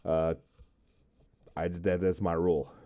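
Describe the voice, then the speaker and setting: Casual male vlogger with a lowish, smooth voice and a rambling delivery, recorded lo-fi. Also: little pitch movement, slow. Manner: rambling, many fillers, quoting friends in his own voice. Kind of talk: casual storytelling to camera.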